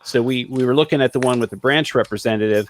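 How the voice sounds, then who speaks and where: A man's voice: medium pitch, quick pace, slight background noise. A man in casual livestream discussion, explaining at length with many fillers and small laughs, over a video call.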